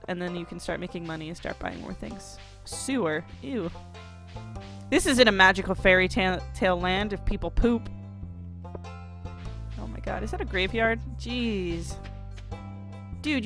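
A woman's voice: mid-range voice, a bit bright. A woman commenting while playing a farming game, joking and swearing freely. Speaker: gamer. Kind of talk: let's play commentary.

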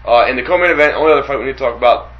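A man co-hosting a casual sports talk radio show, profane and excitable. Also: mid-range voice, muffled recording. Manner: profane, excitable, rapid-fire. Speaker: podcast co-host.

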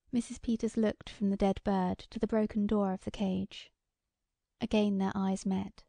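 A woman narrating a short story audiobook in a measured, even way. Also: mid-range voice, gravelly, no room sound. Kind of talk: scripted narration.

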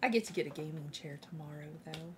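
A woman's voice: low voice, fast talker, background noise. A woman hosting a casual gaming vlog with her daughters, chatty and laughing easily. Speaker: gaming vlog host and mother.

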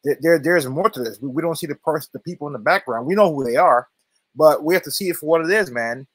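A man's voice: a little high, fast, husky, dry recording. Insistent man, dry close sound. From Jamaica. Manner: earnest, insistent, repeats words as he pushes a point. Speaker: podcast panelist. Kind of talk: casual panel discussion.

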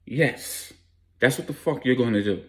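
A man's voice: mid-range voice, moderate pace, fairly bright tone, close to an everyday voice. A man voicing a commanding male street boss who gives firm, blunt orders. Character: commanding male drug boss protecting his family.

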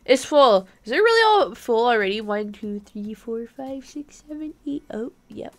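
Young woman, live game streamer, fairly high voice, excitable, giggly, chatty with viewers. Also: a little slow. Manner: bubbly, giggly, excitable, talks to chat viewers. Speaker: gaming streamer. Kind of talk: live-stream gameplay chat.

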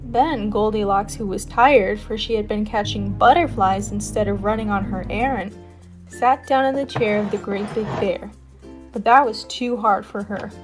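A woman telling a fairytale as a guest storyteller, reading expressively with lively emphasis. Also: mid-range voice, moderate pace. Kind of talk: storybook narration. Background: background music.

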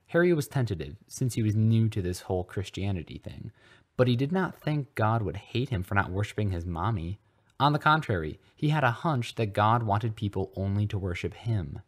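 A very deep-voiced man narrates fanfiction for a podcast. He reads in a deadpan way, as if it were serious. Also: normal speed. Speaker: podcast host reading fanfiction. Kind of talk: comedic story reading.

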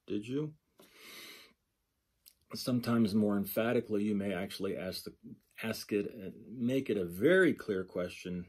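A man's voice: fairly low pitch, normal speed. A man giving a lecture, working through a textbook page by page, thinking aloud and repeating example phrases. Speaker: sign language instructor.

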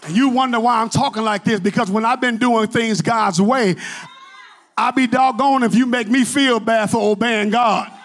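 A male pastor preaching a sermon in a church, shouting in rhythmic, repeated phrases. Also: very high voice, steady tone, normal speed. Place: church sanctuary.

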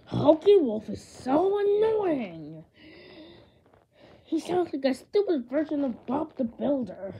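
A woman voicing a whiny, spiteful young bear, ranting in a sneering, drawn-out way on a dull lo-fi home recording. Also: fairly high pitch, dark tone, a little hiss or hum. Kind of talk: amateur grounded-video voice acting.

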